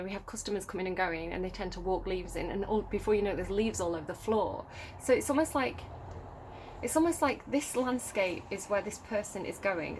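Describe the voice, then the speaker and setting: A woman's voice: mid-range voice, a little mellow, a little hiss or hum. Musing woman tarot reader. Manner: musing, thinks aloud with many fillers. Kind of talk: tarot reading to camera. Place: home room near a road.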